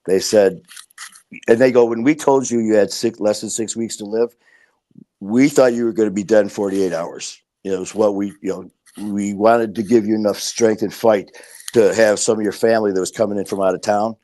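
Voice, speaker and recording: Podcast guest: man, lowish voice, blunt and profane, acts out quoted dialogue. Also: fairly even intonation, a little fast, mellow. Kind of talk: casual storytelling.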